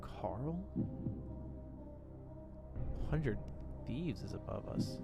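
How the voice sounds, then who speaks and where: A man's voice: medium pitch, sing-song, drawn-out words, creaky, over loud music. A man talking casually on a livestream as a streamer and podcast host, reacting with incredulous outbursts and plenty of swearing.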